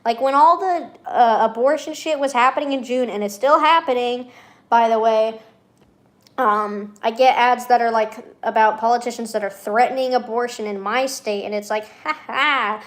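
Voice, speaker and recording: A woman's voice: fairly high pitch, normal speed. A young woman venting in a casual vlog, rambling and sarcastic, laughing often between her remarks. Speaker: vlogger.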